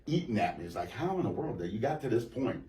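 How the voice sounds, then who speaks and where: A man telling his personal testimony in a halting, rambling way, full of restarts and fillers. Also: medium pitch, big pitch swings, dark tone. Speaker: guest giving a testimony. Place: church room. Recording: echoey room, mic at a distance.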